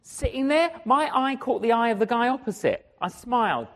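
Male evangelist, swooping animated delivery, story-driven sermon, acts out each exchange. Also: very high voice, moderate pace. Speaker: evangelist preacher.

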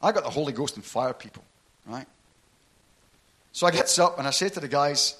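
A man's voice: on the high side, expressive, brisk, pauses often, a bit bright. A middle-aged man, telling his conversion story in a sermon and often checking in with "right?". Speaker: preacher giving testimony. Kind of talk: sermon testimony.

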